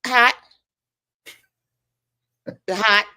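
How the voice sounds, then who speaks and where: A woman's voice: fairly high pitch, fairly even intonation, drawn-out words, bright, forceful tone, smooth. A woman co-hosting a radio show, trading playful, teasing banter in casual chat. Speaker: radio co-host.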